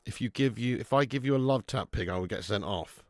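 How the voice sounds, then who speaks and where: A man's voice: medium pitch, fairly quick, no room sound. A man doing a live football watch-along, chatty and sweary, reading out viewer messages on a webcam mic.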